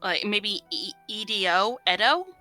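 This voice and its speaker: A woman's voice: medium pitch, a little slow, sharp tone, faint music behind. A woman player in a tabletop game who speaks in a blunt, profane way.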